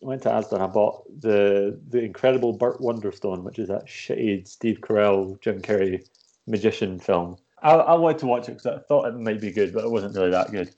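A man telling animated anecdotes in casual chat and swearing freely. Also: lowish voice, brisk. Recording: dull lo-fi sound.

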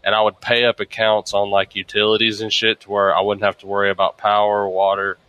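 Casual talker, male, bright forward tone, swears a lot, tells animated stories. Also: fairly low pitch, a little fast, clear, resonant tone, no echo, lo-fi sound. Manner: profane, rambling, animated storytelling. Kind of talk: casual chat.

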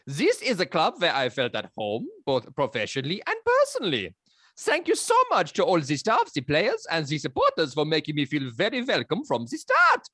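Man doing a German coach reading a farewell, put-on German accent, swooping high voice, bright tone. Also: huge pitch swings, normal speed, dry recording, clean studio sound, heavily acted. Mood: earnest. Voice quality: lilting, rising pitch.

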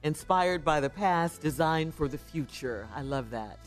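A woman co-hosting live morning radio, speaking at an unhurried pace with a lively, moving pitch. She stays upbeat and laughs easily, with faint music behind her. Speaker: radio co-host. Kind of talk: morning show hosting and banter.

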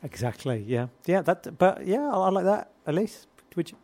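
A man's voice: sits high, very animated, moderate pace, darkish tone. A man hosting a casual group chat, playful and jokey, now and then breaking into bits of song. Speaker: host.

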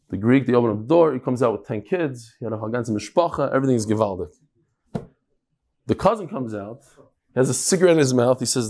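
A man teaching a live daily Talmud class, talking quickly and animatedly, with frequent restarts and Hebrew terms. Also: medium pitch, a little mellow.

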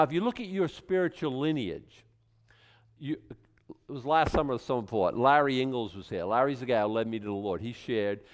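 A man preaching a conversational sermon to a congregation, with animated asides and frequent restarts. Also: mid-range voice. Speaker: pastor. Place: church room with a congregation.

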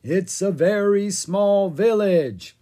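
A reader voicing a clever, brisk young female dragon in a children's storybook. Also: medium pitch, dark tone, pitched above the performer's own voice, close to an everyday voice. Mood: zombie groaning.

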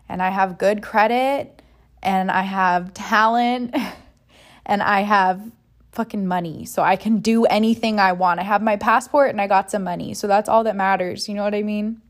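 A woman's voice: mid-range voice, steady tone, normal speed. A woman speaks in a frank, emotional personal monologue, rambling through plenty of "like" fillers. She swears freely and talks with an unguarded candor.

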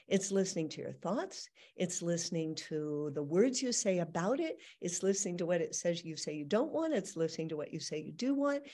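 A middle-aged woman speaks as a healing coach in a gentle, reflective teaching talk. Her voice is mellow and relaxed. She often slips into soft, playful inner dialogue. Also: fairly low pitch. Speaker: healing coach, podcast host.

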